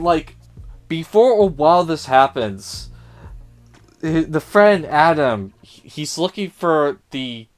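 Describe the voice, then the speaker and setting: A man gives a casual, spoiler-filled film review that's sarcastic and profane, often imitating the characters in a raised voice. His pitch is medium.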